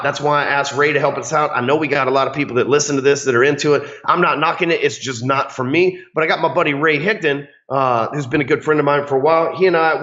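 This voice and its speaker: A man's voice: medium pitch, a bit bright, highs cut off. A man hosting an unscripted advice rant, blunt and emphatic, swearing freely. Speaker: host.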